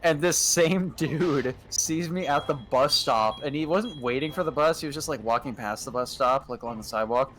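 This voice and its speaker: A man in his twenties chatting casually on a gaming livestream, telling stories in an animated way that acts out loud quotes. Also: fairly high pitch, moderate pace, few pauses, slight background noise. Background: faint game music.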